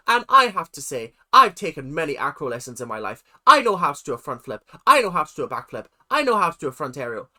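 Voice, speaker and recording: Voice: mid-range voice, bright, forceful tone. A reaction host putting on a pompous, rambling Irish announcer character with a showy, waffling delivery.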